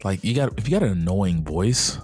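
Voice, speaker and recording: A man's voice: deep voice, expressive, brisk, a little mellow, husky, no echo, faint music behind. A man co-hosting a podcast, chatting casually and playfully, with exaggerated imitations. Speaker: podcast co-host. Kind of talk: casual chat.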